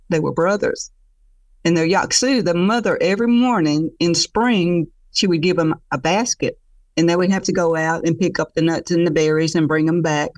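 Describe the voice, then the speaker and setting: A woman storyteller telling a traditional tale in an expressive, conversational way, laughing along with it. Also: on the low side, normal speed, no room sound, far from the mic.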